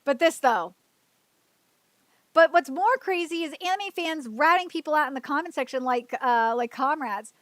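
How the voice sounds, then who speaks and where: A woman's voice: high voice, animated, normal speed, no room sound. A woman hosting a livestream, ranting heatedly and profanely, rambling with restarts and fillers. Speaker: livestream host. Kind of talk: livestream commentary rant.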